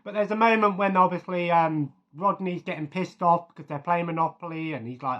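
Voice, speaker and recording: A man's voice: sits high, fairly quick, hardly any pauses, muffled recording. Chatty man rambling with fillers. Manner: rambling, chuckling, full of fillers. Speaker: vlogger. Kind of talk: casual chat.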